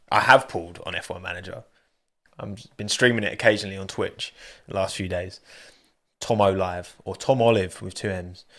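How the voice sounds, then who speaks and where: Casting: male podcast host, low-ish voice, chatty and jokey solo chat. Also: vocal fry, a bit bright. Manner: chatty, jokey, thanks listeners by name. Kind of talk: solo post-race chat.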